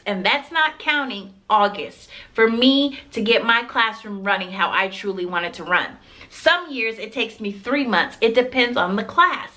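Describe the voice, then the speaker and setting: A woman's voice: fairly high pitch, bright, forceful tone. A woman teacher in her thirties giving earnest classroom advice, emphatic and repeating phrases for stress. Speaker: teacher vlogger.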